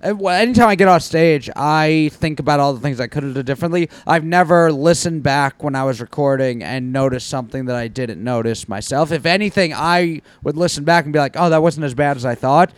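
A man's voice: fairly high pitch, fairly quick, few pauses, no room sound. A man co-hosting a comedy podcast, chatting casually and thinking aloud with frequent restarts and self-critical remarks. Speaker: podcast co-host, stand-up comic.

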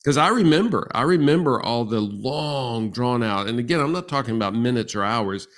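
A man in his sixties, a guest on a relationship podcast, telling stories in an animated way and acting out the quoted exchanges. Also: mid-range voice, moderate pace. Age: 60s. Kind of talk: casual podcast conversation.

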